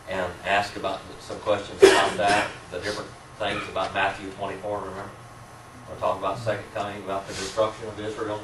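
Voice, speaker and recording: A man teaching a church Bible class, asking the class questions and chuckling between points. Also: on the low side. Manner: asks the class questions, chuckles often, warm teasing. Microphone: room mic from a distance. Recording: roomy distant amateur recording with faint hiss.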